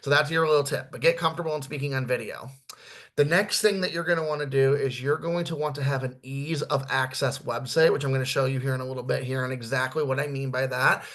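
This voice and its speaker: Blunt gravelly man teaching therapists. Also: medium pitch, fairly bright tone. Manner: blunt, swears, says "right?" often. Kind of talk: casual training talk.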